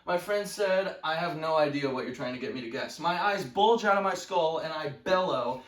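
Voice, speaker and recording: A man doing deliberately crude stand-up bits with brash, deadpan self-praise, recorded indoors. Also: a little high. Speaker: amateur comedian. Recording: echoey room, from far off.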